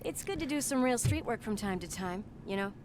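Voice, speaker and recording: A woman's voice: medium pitch, expressive, a little fast, darkish tone, a little hiss or hum, natural voice. A woman playing a wry police detective. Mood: businesslike. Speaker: game character. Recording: game audio with music behind.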